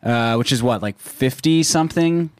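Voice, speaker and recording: A man's voice: mid-range voice, animated, moderate pace, no echo. A man co-hosting a casual podcast, chatting in a hesitant way with many fillers. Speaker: podcast co-host.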